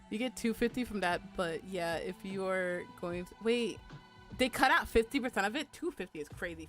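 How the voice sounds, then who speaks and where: A VTuber streamer and artist, a young adult woman, draws on stream and talks casually and crudely with her viewers over faint music. Her mid-range voice is expressive and fairly bright at a normal speed, with frequent laughs and squeals.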